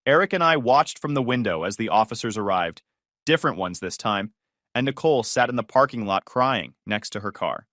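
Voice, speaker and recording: A man's voice: mid-range voice, expressive, fairly quick, fairly bright tone, no echo, studio quality. A man narrating a scripted first-person story in a wry, scornful way.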